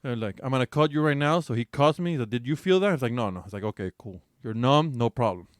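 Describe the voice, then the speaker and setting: A man's voice: medium pitch, fast talker, dry recording. Podcast guy telling a crude story, swearing and laughing, dry close mic. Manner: animated, profane, laughing storyteller. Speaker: podcast co-host. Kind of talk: casual chat, storytelling.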